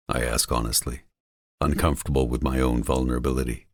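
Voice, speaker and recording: A man narrating a first-person romance audiobook in a brooding, intense, measured way. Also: rumbling low, fairly even intonation, dry recording, clean studio sound.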